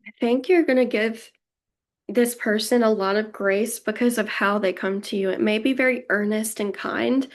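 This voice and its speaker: A woman's voice: a little high, steady tone, measured pace, pauses often. A young woman giving a pick-a-card tarot reading, emotional and gushing as she talks straight to her viewers. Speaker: tarot reader.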